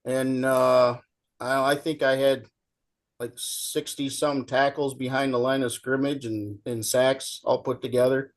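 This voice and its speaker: A man's voice: mid-range voice, unhurried. A middle-aged man telling folksy stories in casual chat as a show guest, acting out the people in them. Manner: folksy, animated storyteller, acts out shouting coach.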